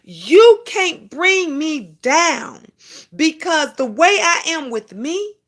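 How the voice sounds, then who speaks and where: A woman's voice: high-pitched, very animated, slow pace, fairly bright tone. A woman hosting a casual live stream, preaching to her viewers, repeating herself for emphasis, calling them honey and thanking commenters by name. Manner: emphatic repetitions, calls listeners honey.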